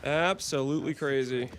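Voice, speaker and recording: A man streaming a game live, chatting casually, answering his chat and clearing his throat often, his voice a bit hoarse. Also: mid-range voice, slight background noise. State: hoarse-sounding voice.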